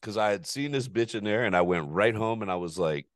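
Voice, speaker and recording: A man hosting a podcast, telling a story in a casual, profane, animated way and laughing often. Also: lowish voice, fairly quick, dry recording, clean studio sound. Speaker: podcast host.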